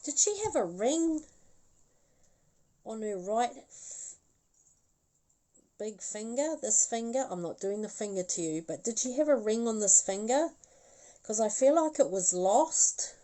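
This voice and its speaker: A woman's voice: fairly high pitch, expressive, measured pace, pauses often, dark tone, low-quality recording. A woman doing a live psychic reading as a medium. She talks in a chatty, rambling way, laughs often and keeps apologizing.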